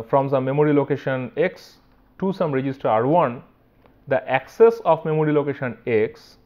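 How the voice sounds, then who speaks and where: A male university lecturer with an Indian English accent walks through technical material step by step, often pausing to ask "right?". His voice sits a little high for a man. The recording sounds dull and lo-fi. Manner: explanatory, with frequent "right" and restarts.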